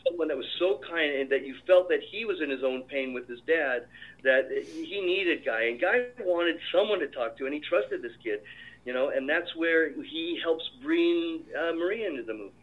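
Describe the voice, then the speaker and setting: A man's voice: fairly high pitch, normal speed. Man on a tinny phone-like line. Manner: animated storyteller, acts out quoted dialogue. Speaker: film director. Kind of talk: casual interview, anecdotes.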